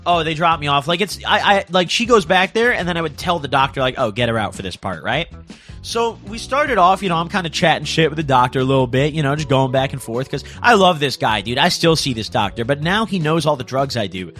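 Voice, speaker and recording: A man's voice: on the high side, lively intonation, brisk, fairly bright tone, soft background music. A young man telling a comic story in a casual, slangy way, tagging lines with "bro" and "dude".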